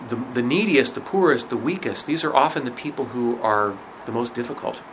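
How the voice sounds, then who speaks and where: A man's voice: mid-range voice, lively intonation, a little fast, slight background noise, poor audio. Man teaching a casual faith class. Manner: conversational, rhetorical questions, frequent fillers. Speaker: religion teacher.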